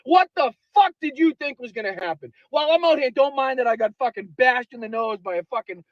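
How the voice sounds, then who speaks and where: A tradesman yelling an angry rant full of swearing. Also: very high voice, animated, fairly quick, no echo. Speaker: tradesman posting a video rant. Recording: dull lo-fi clip.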